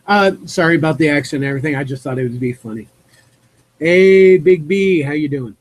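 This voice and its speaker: Husky-voiced man ranting over news. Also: medium pitch, rapid-fire, a bit bright, poor audio. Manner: rambling, with fillers and self-corrections. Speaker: streamer hosting a Q&A. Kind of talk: reading news aloud with opinionated commentary.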